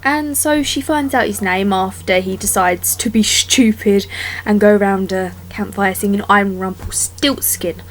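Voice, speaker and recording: A woman's voice: medium pitch, moderate pace, a little hiss or hum. A young woman retelling fairy tales with exasperated, sweary sarcasm. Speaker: vlogger. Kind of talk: sarcastic storytelling commentary.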